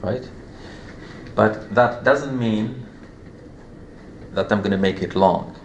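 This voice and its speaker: Gravelly low-voiced man teaching a class. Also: slow, highs cut off. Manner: patient, explains step by step with repeated examples. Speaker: Quran recitation teacher. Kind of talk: classroom tajweed lesson. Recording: echoey room, light background hum.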